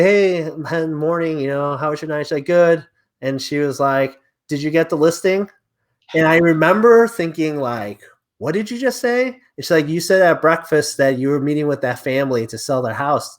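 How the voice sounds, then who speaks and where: A man in his thirties, a real estate agent as a podcast guest, telling a personal story in a lively, animated way and acting out the dialogue. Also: a little high. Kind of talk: conversational storytelling interview.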